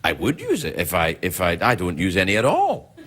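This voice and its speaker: A man's voice: low voice, wildly swooping pitch, a little fast, heavy background noise. A male late-night host rambling through jokes and viewer emails, often slipping into comic voices. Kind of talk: late-night comedy monologue. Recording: studio with loud audience.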